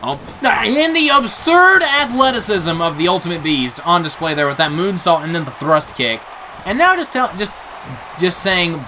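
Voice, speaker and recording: A young man calls a wrestling match play-by-play, his high, bright voice leaping up and down in pitch. He reacts with frequent gasps and laughs. Faint noise sits under the recording. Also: moderate pace. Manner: animated, gasping "oh no" reactions, laughs often. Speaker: play-by-play commentator for a video game wrestling show. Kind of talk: excited play-by-play commentary.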